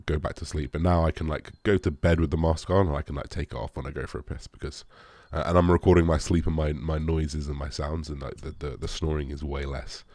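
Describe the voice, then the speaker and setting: A young man with an extremely low, deep voice rambles through viewer questions in an easygoing chat, leaning on "like" and dropping swears. The sound is close and dry, with no room around it. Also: steady tone, a little fast, hardly any pauses, darkish tone, dry recording. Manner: rambling, lots of "like", swears casually. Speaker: bodybuilder answering viewer questions. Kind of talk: casual Q&A chat.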